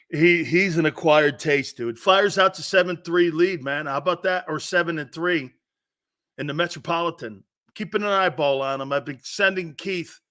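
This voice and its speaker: Brash male sports radio host, fast-swinging opinions, bright forceful tone, higher-pitched voice. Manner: brash, excitable, laughs often, needles his co-hosts. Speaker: sports talk show host.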